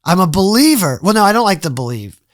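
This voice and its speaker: A middle-aged man, a podcast guest, telling his story in a casual, animated way, acting out his past thoughts and swearing freely. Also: high-pitched, fast talker, no echo, clean studio sound.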